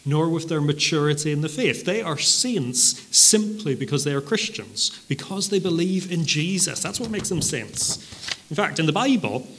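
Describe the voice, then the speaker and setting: A man with a high-leaning, fairly bright voice preaches a sermon, explaining a passage in a measured, teaching manner. He uses occasional fillers and stresses certain points through repetition.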